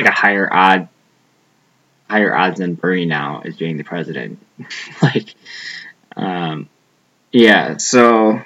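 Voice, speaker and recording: A young man with a somewhat low voice talks loosely in a casual podcast chat. He rambles, swears freely and leans on filler words, often trailing off mid-thought. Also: a bit bright, lo-fi sound. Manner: rambling, profane, trailing off with lots of "like".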